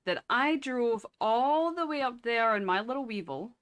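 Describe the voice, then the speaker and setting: A woman's voice: fairly high pitch, lively intonation, moderate pace, a bit bright, clear, resonant tone. Exasperated young woman in game roleplay. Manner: exasperated, teasing, laughs often. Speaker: streamer roleplaying a character. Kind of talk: in-character game roleplay banter.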